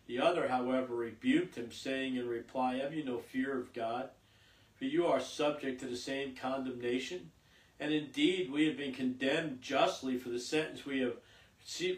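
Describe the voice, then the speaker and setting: At Mass, a priest with a mid-range male voice reads scripture and then preaches a homily. He speaks slowly and haltingly, with many fillers and repeated words. The recording catches him from a distance in an echoey church.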